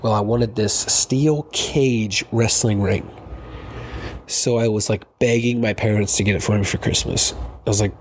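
A man's voice: on the low side, steady tone, unhurried, a little hiss or hum. A young man hosting a solo podcast, chatting loosely and rambling, swearing freely and laughing at himself. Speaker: podcast host. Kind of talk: casual solo podcast chat.

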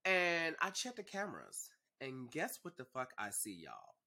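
A young man hosting a podcast, telling a story in a sassy, animated, profane way. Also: medium pitch, a little slow, gravelly, background noise. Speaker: podcast host. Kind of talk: casual storytelling.

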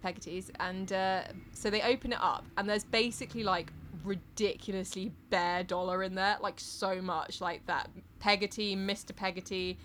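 A woman's voice: medium pitch, steady tone, normal speed, hardly any pauses, a bit bright, slight background noise. Chatty woman recapping a novel. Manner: chatty, swears, acts out quotes in funny voices. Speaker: podcast co-host recapping a novel. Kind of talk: casual chat.

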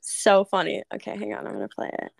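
A young woman co-hosting a podcast over a remote call, animated and swearing freely in casual chat. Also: medium pitch, fast talker, gravelly, dry recording. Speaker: podcast co-host.

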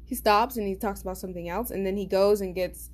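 A woman vlogger telling a story in casual storytime style, animated, blunt and slangy, laughing as she goes. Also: medium pitch, quick pace.

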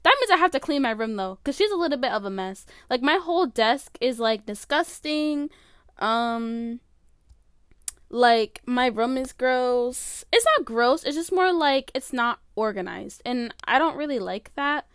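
A high-voiced woman in her late teens hosts a casual solo podcast from her bedroom, recording on a phone. Her smooth, expressive, slightly bright voice moves a little slowly, and the sound is dry and close with no room sound. She rambles loosely, stuffing sentences with fillers and breaking off mid-thought.

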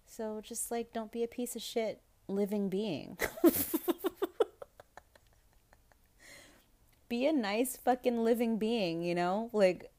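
A woman's voice: on the high side, unhurried, warm tone. A woman hosting her own podcast in a casual, rambling monologue, frank and profane, often breaking into laughter. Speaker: podcast host.

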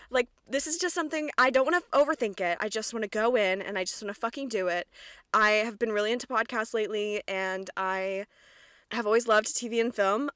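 A woman's voice: a little high, a bit bright, no echo, clean studio sound. A woman of twenty from rural Kentucky hosting her own podcast in a rambling, casual monologue, swearing freely and poking fun at herself. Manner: chatty, rambling, frequent swearing, self-deprecating. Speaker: podcast host.

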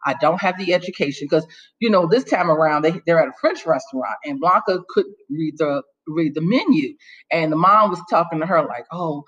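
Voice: mid-range voice, moderate pace. Sassy storyteller with lo-fi sound. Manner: animated storytelling, acts out quotes, sassy asides. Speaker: podcast host recapping a TV episode. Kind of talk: casual recap chat.

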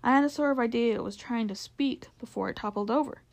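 A woman reading a storybook aloud, voicing a calm, sensible badger. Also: fairly high pitch, fast talker, gravelly.

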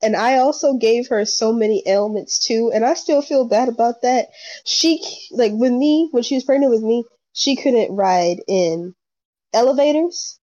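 Young woman, casual storyteller, mellow tone, slightly higher pitch, dull lo-fi sound. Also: normal speed, dry recording. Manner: animated storyteller, acts out quotes. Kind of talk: casual chat.

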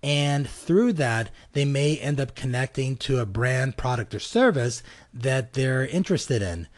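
A man's voice: mid-range voice, animated, measured pace. A man hosting a podcast, talking casually with many fillers and acting out short dialogues as examples. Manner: conversational, many fillers, acts out little dialogues. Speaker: podcast host. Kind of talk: casual advice talk. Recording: live program.

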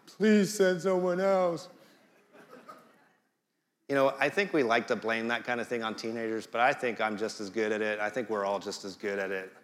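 A middle-aged man preaching in a relaxed, conversational tone, with jokey asides. His voice has an ordinary middle pitch for a man. It rings out with the long reverb of a large church hall. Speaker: guest preacher. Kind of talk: sermon.

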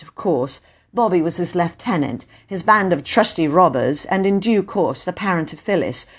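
A woman narrating a classic children's book in an expressive storytelling voice. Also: fairly low pitch. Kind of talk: audiobook reading.

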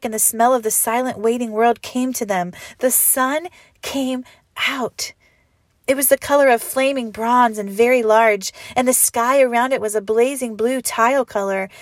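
Expressive woman reading a story aloud. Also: fairly high pitch, no room sound, studio quality. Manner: expressive, slows and drops to a whisper for effect. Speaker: story reader.

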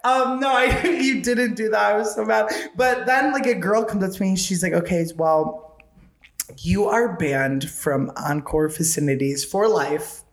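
Camp high-voiced young man telling a story. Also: unhurried. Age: young adult. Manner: camp, profane, laughing often. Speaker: podcast host. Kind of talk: casual storytelling chat. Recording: roomy echo.

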